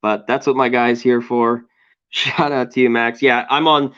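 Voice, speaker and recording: A man hosting a sports betting show, chatting loosely and joking, with a voice going hoarse. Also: medium pitch, flat delivery, unhurried, dull audio. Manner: loose, joking, lots of shout-outs. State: losing his voice. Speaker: sports betting podcast host. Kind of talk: casual sports betting chat.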